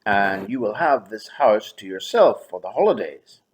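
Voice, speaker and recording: A man voicing his smooth-talking, persuasive male boss, read in his own everyday storytelling voice. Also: fairly low pitch, very animated, normal speed.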